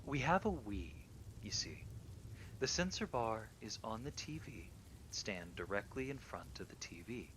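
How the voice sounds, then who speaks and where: A man calmly reading true horror stories aloud, sometimes dropping to a hushed near-whisper. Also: measured pace, background noise. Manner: calm, low-key reading that drops into hushed near-whispers. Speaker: horror story reader.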